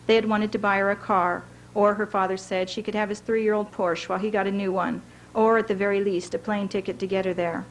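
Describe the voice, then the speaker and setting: A woman author giving a measured public reading of her own fiction at a library event. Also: mid-range voice, level tone, a little hiss or hum, poor audio.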